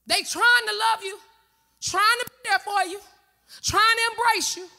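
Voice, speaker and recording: A woman's voice: very high-pitched, unhurried, vocal fry, sharp tone. A woman pastor, preaching an impassioned sermon in a church and calling out to the congregation. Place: church sanctuary.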